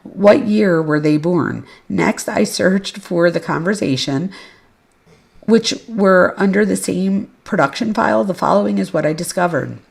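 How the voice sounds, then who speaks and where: Gravelly low-voiced woman podcast host. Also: unhurried. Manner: casual and blunt, with offhand asides and swearing. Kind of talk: reading case records aloud with commentary.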